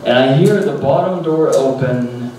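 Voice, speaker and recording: A man in his thirties doing stand-up comedy on a small venue stage, telling an animated story and laughing at his own lines. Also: medium pitch, measured pace. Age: 30s. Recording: echoey room from far off, loud noise.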